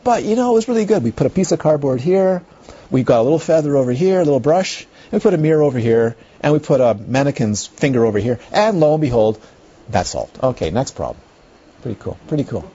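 A man's voice: mid-range voice, expressive, quick pace, warm tone, a little hiss or hum. A middle-aged man teaching a class on Buddhist philosophy in a rambling, conversational way, often checking whether his listeners follow. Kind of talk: lecture to a class. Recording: dull lo-fi recording.

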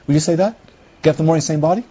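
A middle-aged man gives a Buddhist philosophy lecture, wandering off into asides and checking in with his listeners. His voice is mellow and a little husky. The recording is dull and lo-fi. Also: on the high side, racing. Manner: rambling, conversational, checks in with listeners. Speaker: Buddhist teacher. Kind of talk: lecture to a class.

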